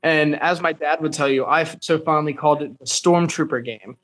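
A man's voice: fairly high pitch, a little fast, a bit bright, low-quality recording. A young man co-hosting a podcast, chatting casually and enthusiastically with lots of fillers. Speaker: podcast co-host. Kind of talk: casual chat.

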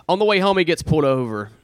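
A man chats about a movie with plenty of profanity and deadpan jokes. His pitch swings animatedly from phrase to phrase. He is miked close in a dry, dead room. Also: dry recording. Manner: profane, joking, quick bursts with lively pitch swings. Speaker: podcast co-host. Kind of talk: casual chat recapping a movie.

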